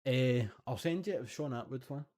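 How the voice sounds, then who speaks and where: A man with a Scottish accent, co-hosting a podcast and telling animated stories full of swearing. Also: medium pitch, brisk. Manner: animated storytelling, heavy swearing. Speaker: podcast co-host. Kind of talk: casual chat.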